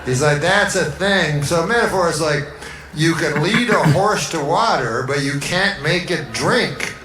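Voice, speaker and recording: A man's voice: on the high side, expressive, unhurried, crowd noise. A man telling rambling comic stories in a dry, meandering way on a talk show, in an echoey archival clip. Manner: dry, meandering storytelling that breaks into laughter. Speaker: comedian.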